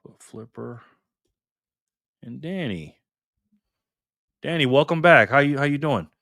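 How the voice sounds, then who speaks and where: A man runs a casual live stream, warmly greeting viewers by name and thanking them for tips. His voice sits at an ordinary middle pitch. The sound is close and dry with no room echo. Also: animated. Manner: upbeat, reads chat names aloud with quick thanks.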